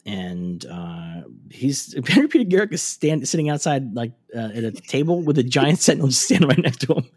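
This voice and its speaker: A man's voice: mid-range voice, sing-song, fairly quick, a little mellow, breathy edge. A man co-hosting a podcast who casually recaps a cartoon episode, rambling with lots of fillers and the odd curse. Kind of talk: casual chat.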